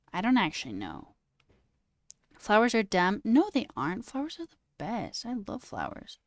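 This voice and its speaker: Woman, livestreamer, casual chat, playful, talkative, mid pitch, dry close sound. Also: huge pitch swings, moderate pace, no room sound. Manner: playful and chatty, musing aloud over word sounds; reads and answers a live chat.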